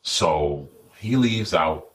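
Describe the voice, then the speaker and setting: A man in his forties telling animated, profane barbershop stories as a podcast guest, acting out other people's lines. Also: very deep voice, extremely slow. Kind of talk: casual storytelling chat.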